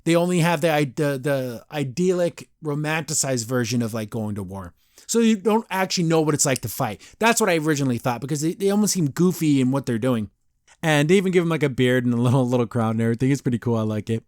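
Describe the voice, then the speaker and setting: A man's voice: mid-range voice, expressive, fast talker, a little mellow, no echo, studio quality. A man hosting a podcast, recapping a cartoon episode in a rambling, casual way with many fillers and restarts. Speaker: podcast host.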